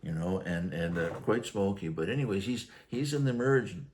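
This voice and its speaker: A retired firefighter, a man, telling a long story in a rambling, halting way during a casual chat. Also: low voice, animated, a little mellow, slight background noise.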